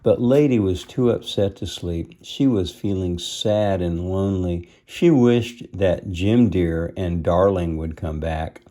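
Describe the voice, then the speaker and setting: Slow, low-voiced man reading a storybook. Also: mellow. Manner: stops to explain the story in simple words. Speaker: storybook reader. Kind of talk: reading a picture book aloud with asides.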